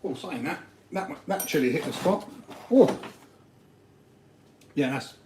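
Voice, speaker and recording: A man's voice: fairly high pitch, lively intonation, measured pace, darkish tone. Chatty man in an echoey room. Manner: chatty, rambling, talks while eating. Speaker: RC hobby livestream host. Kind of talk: casual livestream chat reading comments. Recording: echoey room with faint noise.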